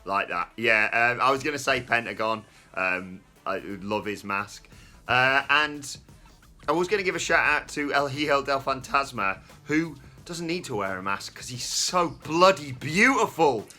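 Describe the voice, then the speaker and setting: A man hosting a casual podcast chat, his voice bright and forceful. He talks in an animated way, exclaiming and laughing often. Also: medium pitch, unhurried, soft background music. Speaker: host.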